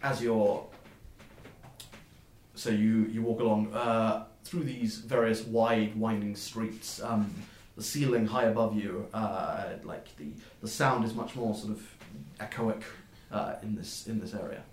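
A man narrating a tabletop game as game master, in a halting way, with many fillers and restarts. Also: lowish voice, little pitch movement. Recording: roomy echo.

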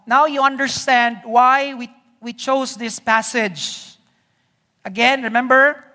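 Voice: mid-range voice, bright, forceful tone. A pastor preaching a teaching sermon in a church hall, conversational and often checking in with the congregation. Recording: long hall reverb.

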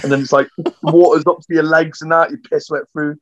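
A man's voice: a little high, flat delivery, a little fast, no room sound. Young man telling army stories. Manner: swears a lot, tells stories animatedly. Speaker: podcast guest. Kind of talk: casual storytelling chat.

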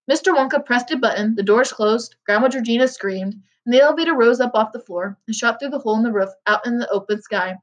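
A woman reading a children's book aloud, steady and even, with small slips now and then. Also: on the high side, rough recording. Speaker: reader.

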